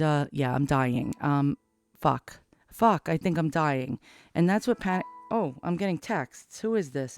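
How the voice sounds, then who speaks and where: Middle-aged guy venting to camera, nervy and foul-mouthed, dark jokes, clean resonant voice. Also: a little high, smooth, dry recording, studio quality. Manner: rambling, profane, darkly joking; anxious. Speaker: vlogger. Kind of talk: casual confessional monologue.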